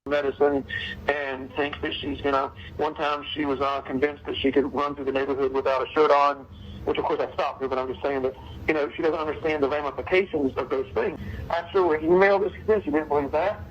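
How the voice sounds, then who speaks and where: A man being interviewed, recounting events hesitantly with many pauses and restarts. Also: on the high side, fairly even intonation. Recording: muffled clip with faint noise.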